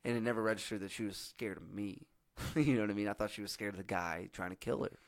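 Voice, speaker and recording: Young man, hoarse, husky, low voice, dry close sound, rambling profane storytelling, podcast host. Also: quick pace, no echo. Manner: profane, rambling, animated storytelling with many fillers. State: hoarse from yelling. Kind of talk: casual storytelling chat.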